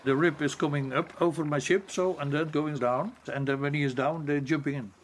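A man with a Dutch accent, a ship captain recalling events in an interview, speaking halting non-native English and searching for words. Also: on the high side, steady tone, slight background noise. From Netherlands. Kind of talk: interview recollection.

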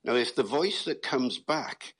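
Husky-voiced British man explaining accents. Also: mid-range voice, expressive, unhurried, fairly bright tone. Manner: storytelling, lecturing. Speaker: guest linguist. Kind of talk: explanatory interview talk.

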